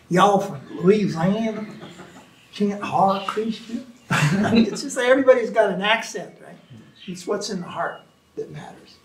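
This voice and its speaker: A man answering questions as a spiritual teacher in an informal talk, animated, sometimes imitating chanting. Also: high-pitched. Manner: animated storytelling, mimics chanting. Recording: echoey room from far off.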